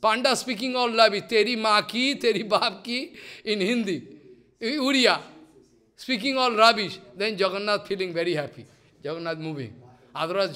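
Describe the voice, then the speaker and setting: A man's voice: high voice, sharp tone. A man giving a devotional lecture, telling stories animatedly, acting out voices and laughing often. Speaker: spiritual teacher.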